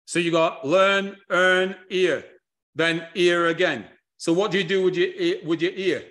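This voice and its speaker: A man giving a lively, energetic lecture and asking his listeners to write things down. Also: high voice, unhurried. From United Kingdom. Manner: energetic, animated presenting with audience tasks. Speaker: history and culture speaker.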